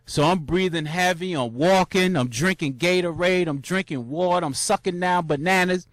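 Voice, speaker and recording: A young man casually recounting a marathon, animated and full of slang, jumping into high shouts when he acts out cheering crowds. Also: moderate pace, dry recording, clean studio sound. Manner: loose, repetitive slang with many restarts. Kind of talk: casual storytelling monologue.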